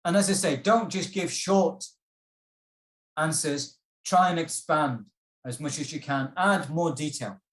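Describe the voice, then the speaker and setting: A man presenting an exam-prep workshop, explaining tips in a relaxed way with frequent ums and restarts. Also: fairly high pitch, unhurried, echoey room. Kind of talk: online workshop talk.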